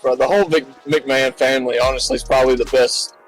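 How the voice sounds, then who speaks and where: A man's voice: mid-range voice, fairly even intonation, fast talker, faint music behind, rough recording. A young man co-hosting a podcast in casual chat, blunt and opinionated. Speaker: podcast co-host.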